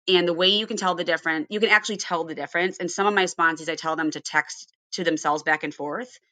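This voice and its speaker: A woman's voice: low voice, bright, forceful tone, no echo. A woman from Ohio hosting a casual recovery podcast, earnest and storytelling, often asking her guests questions. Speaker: podcast host.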